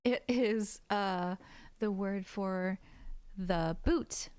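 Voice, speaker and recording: A very slow, slightly mellow mid-range voice belongs to an American French teacher livestreaming from her computer indoors. As she draws, she chats casually with viewers, swearing freely, peppering her talk with "like," and laughing often, all in clean sound with no room tone.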